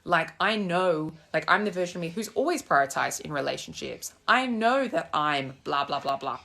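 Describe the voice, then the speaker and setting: Her low pitch is creaky yet bright, her tone forceful and animated, her pace moderate. A young woman walking outdoors holds her phone as she chats live about manifestation, answering comments bluntly and sassily and cursing freely.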